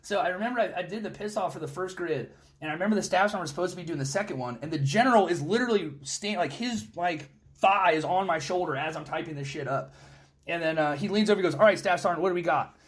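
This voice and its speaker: A young man hosting a podcast, telling war stories in casual chat, animated and full of cursing. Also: high voice, fast. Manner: animated, profane storytelling. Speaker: podcast host.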